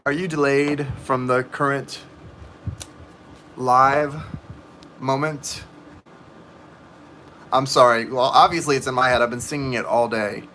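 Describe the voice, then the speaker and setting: A man's voice: mid-range voice, steady tone, measured pace, long pauses, pushed and bright, a little hiss or hum. A man giving tarot readings on a live stream, chatting and rambling to viewers in the chat. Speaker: tarot reader.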